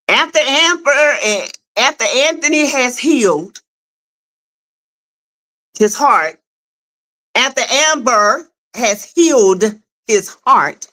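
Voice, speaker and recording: A Southern woman chats on her livestream about a web skit series, drawing her words out slowly. Her voice sits a little high and bright, and she addresses her viewers directly in loose, animated commentary. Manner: animated, laughing, talks straight to viewers. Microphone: streaming setup.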